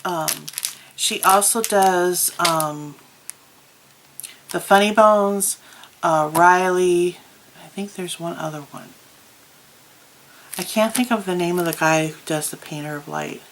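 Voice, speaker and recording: A woman's voice: fairly low pitch, slow pace, pauses often, slight background noise, poor audio. A woman vlogger chatting casually about crafts, telling stories with plenty of ums. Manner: chatty, storytelling with many ums. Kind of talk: casual chat.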